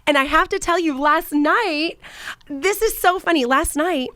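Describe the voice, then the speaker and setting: A woman hosting a casual podcast in an office, an excitable and emotional storyteller who laughs often. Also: high voice, a little slow, dry recording. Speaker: podcast host.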